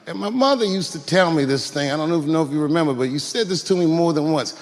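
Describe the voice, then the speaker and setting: A man's voice: fairly high pitch, expressive, quick pace. A man on stage, reflective, speaking directly to his mother about his upbringing. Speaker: comedian. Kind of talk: heartfelt stage speech. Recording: live venue with long reverb.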